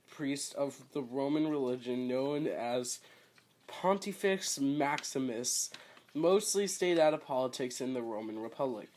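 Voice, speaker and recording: A man's voice: a little high, a little mellow. A man reading a school report aloud, stumbling over words and slipping in joking asides.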